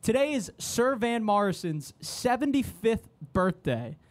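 A man's voice: sits high, big pitch swings, measured pace. A young man hosting a podcast, chatting casually in a joking, rambling way. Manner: joking, rambling, puts on a radio DJ impression. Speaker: podcast host. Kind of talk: casual studio chat.

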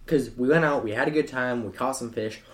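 A man's voice: mid-range voice, fairly quick. A young man co-hosting a podcast, chatting casually in a laid-back, slangy way and laughing often. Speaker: podcast co-host. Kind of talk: casual chat.

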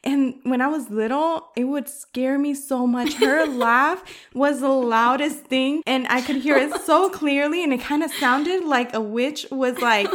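A woman's voice: sits high, measured pace, few pauses. Giggly young woman co-hosting a podcast. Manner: giggly, loud laugh. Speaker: podcast co-host. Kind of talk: casual chat.

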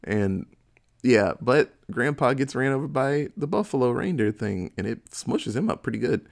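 A man's voice: medium pitch, animated, normal speed, creaky. A man in casual chat, retelling a movie plot in a profane, laughing storytelling manner.

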